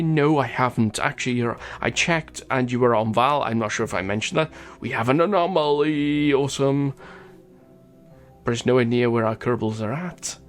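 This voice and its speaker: A man of middle pitch talks casually through his gameplay and reads out viewer comments. He stumbles over tricky names and laughs at himself as he goes. Soft music plays faintly behind him. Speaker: gaming channel host.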